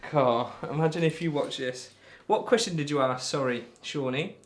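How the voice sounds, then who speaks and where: A man's voice: on the high side, normal speed. A man with a broad Northamptonshire accent chatting casually to viewers on a darts live stream, laid-back and laughing often. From England.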